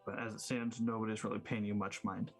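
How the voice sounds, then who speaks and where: A man narrating as game master, relaxed and loose. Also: on the low side, a little fast, soft background music.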